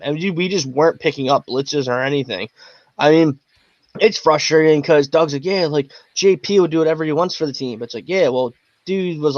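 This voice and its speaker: A man's voice: fairly high pitch, dry recording, muffled recording. A man co-hosting a casual sports chat, talking with frustration about his team. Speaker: podcast co-host.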